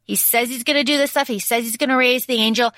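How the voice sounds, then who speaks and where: A woman co-hosting a book podcast, recapping the plot in animated casual chat with many fillers. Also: on the high side, quick pace, dry recording. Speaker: podcast co-host.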